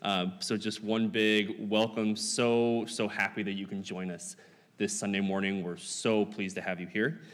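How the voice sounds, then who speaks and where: A man with a fairly low voice leads a Sunday church gathering. He talks in a relaxed, easygoing way, with fillers and small jokes. His voice rings with a long reverb from the church hall. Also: measured pace. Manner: relaxed, lightly joking, with frequent fillers. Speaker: church service leader. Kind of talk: church announcements and prayer. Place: church sanctuary.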